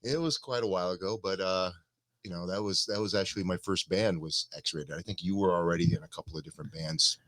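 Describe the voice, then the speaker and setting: A man talking as a guest in a relaxed live-stream interview, loose and halting, with many fillers and restarts. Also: low voice, dry recording. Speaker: musician guest.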